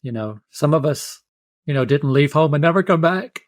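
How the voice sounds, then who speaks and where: A man's voice: on the high side, lively intonation, normal speed, no room sound, studio quality. A man with a Southern US accent, a laid-back, self-deprecating guest host in casual podcast chat.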